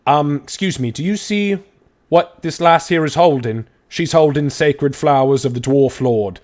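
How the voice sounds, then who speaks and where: A man voicing a pompous, smug aristocratic dwarf who loudly demands the guards, swearing in outrage. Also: fairly high pitch, measured pace, voice pushed up, natural voice.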